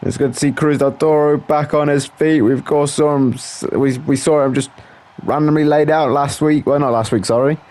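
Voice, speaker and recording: A man with a fairly high voice narrates video game action as a casual play-by-play commentator. He is excitable and keeps tossing in exclamations and filler words as he calls the moves. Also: normal speed. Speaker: gameplay commentator.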